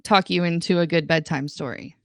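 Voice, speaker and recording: A woman's voice: fairly low pitch, fairly quick, no room sound, studio quality. A woman guesting on a livestream, chatting in a teasing, enthusiastic way and laughing often. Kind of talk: casual livestream chat.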